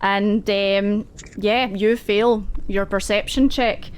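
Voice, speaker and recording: Woman game master, slow, rambling narration full of asides. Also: mid-range voice, steady tone, clean tone. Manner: loose, rambling narration with many fillers and asides.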